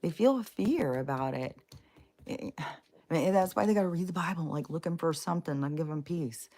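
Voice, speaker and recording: A woman's voice: deep voice, animated, moderate pace, a little mellow. A woman vlogging in casual, rambling talk, blunt and profane, with many fillers and restarts. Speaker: spiritual vlogger.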